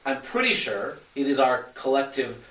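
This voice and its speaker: A man musing through theology in a casual podcast chat, thoughtful and rambling, often correcting himself as he goes. His voice is bright and sharp. He sits back from the mic in an echoey room. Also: medium pitch, big pitch swings, normal speed, recorded from a distance. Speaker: podcast co-host.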